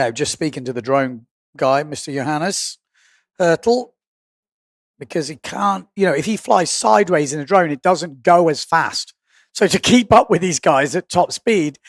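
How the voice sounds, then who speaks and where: Guy hosting a live sports stream, rambly and chatty, highish voice, dry close sound. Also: no echo. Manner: chatty, rambling, thinking aloud. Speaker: livestream commentator.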